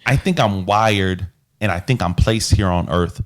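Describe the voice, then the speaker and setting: Speaking at a measured pace in a voice that sits low, this podcast co-host reflects earnestly during casual talk about relationships. His language is loose and slangy.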